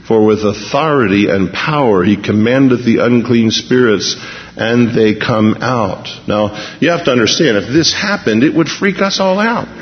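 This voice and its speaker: A man's voice: mid-range voice, normal speed. A man preaching a sermon, telling the scene like a story and acting out the quoted voices. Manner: animated storyteller, acts out quotes, shifts pace. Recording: long hall reverb, dull lo-fi sound.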